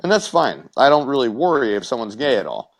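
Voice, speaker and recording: A man's voice: medium pitch, big pitch swings, fairly quick, creaky. Guy on a podcast rambling through a crude story, lots of stammers and swearing. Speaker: podcast co-host. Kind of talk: casual storytelling chat.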